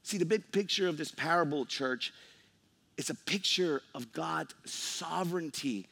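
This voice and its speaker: A male pastor preaching a sermon, reading scripture and acting out the grumbling workers with animated delivery. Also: on the high side, measured pace, vocal fry, breathy edge.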